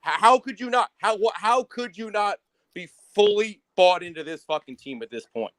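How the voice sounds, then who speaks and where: Fired-up caller with a New Jersey accent. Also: male voice, high-pitched, moderate pace, fairly bright tone, no echo, poor audio. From Central New Jersey. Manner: passionate, profane, stammering restarts. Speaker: caller, college football coach. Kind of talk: fired-up sports call-in rant.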